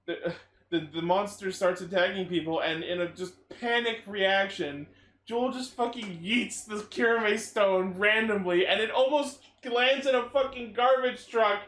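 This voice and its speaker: A man's voice: sits high, a little slow, fairly bright tone, reverberant. A man co-hosting a casual chat, recapping wryly and swearing freely. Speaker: podcast co-host.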